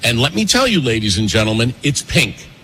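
A man hosts a political commentary show from a cafe, his bright, forceful voice swooping up and down as he hammers home points with quick repetitions. Faint background noise sits under his talk. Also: medium pitch. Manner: animated, emphatic, fast, with repetitions. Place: pastry shop and cafe.

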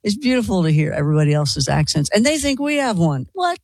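A man's voice: high-pitched, sing-song, quick pace, gravelly, darkish tone, no room sound. A man with a slight Kentucky accent hosting a call-in radio show, chatty and enthusiastic, often repeating himself. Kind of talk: casual call-in radio chat.

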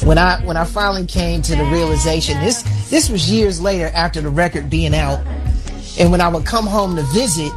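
A man in his forties from Chicago, a singer talking casually in an interview, animated and often restarting his sentences. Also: a little high, a little fast, music in the background. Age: 40s. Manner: animated, repeats words when starting sentences. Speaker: singer guest.

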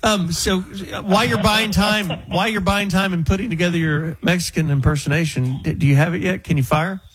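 A man hosting a call-in radio show who talks fast and jokes with his callers, often restarting his sentences. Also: high-pitched, fairly even intonation, fairly bright tone, slightly rough, rough recording. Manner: fast, joking, prone to restarts. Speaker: radio talk show host. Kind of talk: live call-in radio chat.

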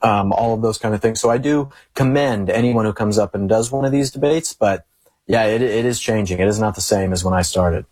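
A young man talking as a guest in a casual interview, earnest and repeating phrases for emphasis, with a husky voice. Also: fairly low pitch, fairly quick, a little mellow, no echo. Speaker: guest, conservative commentator.

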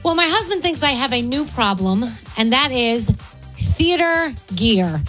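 A female radio co-host with a high, very lively voice, talking with bubbly enthusiasm. Faint music sits behind her. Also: unhurried. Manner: enthusiastic, chatty. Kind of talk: morning radio banter.

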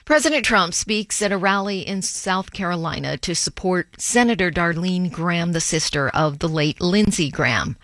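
A woman anchoring a radio news bulletin, reading stories in a crisp, measured way. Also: lowish voice, fairly bright tone, no room sound, studio quality.

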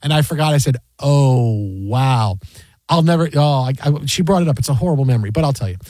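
A middle-aged man hosting sports radio, animated and storytelling, acting out the voices he quotes. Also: mid-range voice, fast, no echo. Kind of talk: casual sports talk.

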